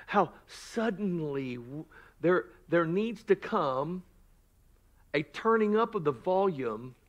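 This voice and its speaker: A man preaching a sermon as pastor, swinging from shouted, drawn-out lines to quiet joking asides. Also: fairly high pitch, dull audio.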